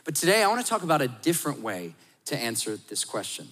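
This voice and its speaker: A man in his thirties preaching a sermon as a pastor, telling stories and acting out voices with lively energy. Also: medium pitch, quick pace. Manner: animated storytelling with acted-out voices. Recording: long reverb of a large hall.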